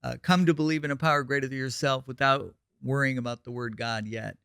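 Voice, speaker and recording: Gravelly, smooth-voiced man on a podcast. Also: medium pitch, steady tone, a little fast, sharp tone, dry recording, studio quality. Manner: reflective, hesitant with fillers. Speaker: podcast co-host. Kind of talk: casual recovery podcast talk.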